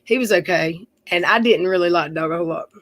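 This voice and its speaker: A woman's voice: lowish voice, quick pace, fairly bright tone, no room sound, rough recording. A woman hosting a livestream, telling family stories in a rambling, chatty way and often correcting herself mid-sentence. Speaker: livestream host. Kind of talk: casual storytelling chat.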